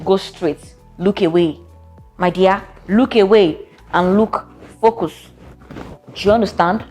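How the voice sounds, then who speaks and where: A woman's voice: mid-range voice, slow pace, a little mellow, faint music behind. Sassy woman therapist. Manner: sassy, playful, direct. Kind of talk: casual advice vlog.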